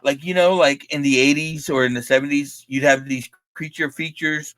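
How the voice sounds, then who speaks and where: A man's voice: a little high, fairly even intonation, normal speed, a bit bright, no room sound. A man co-hosting a podcast in casual chat, laughing often and swearing freely, full of likes and restarts. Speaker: podcast co-host.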